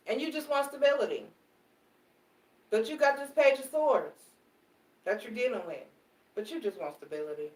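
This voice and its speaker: Woman, tarot reader, animated, blunt, echoey room, off-mic. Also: mid-range voice, moderate pace, far from the mic. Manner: animated, repetitive, swears casually, talks to the audience directly. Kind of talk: live tarot reading.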